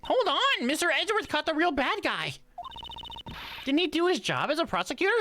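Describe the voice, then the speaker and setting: A man voicing a peppy, cheeky young woman in a high, bouncy falsetto while dubbing game dialogue live. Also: sing-song, a little fast, bright, forceful tone, slight background noise, full character voice. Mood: excited. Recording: game music behind.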